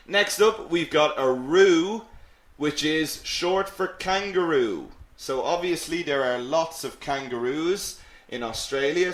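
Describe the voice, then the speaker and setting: Lively male English teacher, echoey room. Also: on the high side. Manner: lively, animated explaining with many "okay?" checks; apologetic, self-mocking asides. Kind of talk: live online English lesson.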